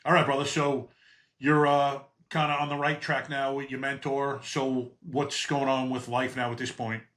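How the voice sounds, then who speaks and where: Blunt, bright-voiced podcast host. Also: male voice, medium pitch, level tone, moderate pace. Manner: blunt, profane storyteller. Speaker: podcast host, retired police officer. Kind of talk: conversational interview.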